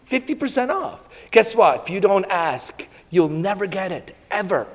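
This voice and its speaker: A middle-aged man born in Italy, giving a lunchtime talk and telling animated anecdotes with laughter. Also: high-pitched, moderate pace. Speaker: guest speaker. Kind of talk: storytelling talk to an audience. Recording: long reverb in a hall.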